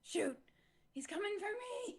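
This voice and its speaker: Woman w/ a high voice playing a tabletop game, teasing, jokey. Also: gravelly, darkish tone. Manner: playful, teasing, quick to laugh. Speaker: player.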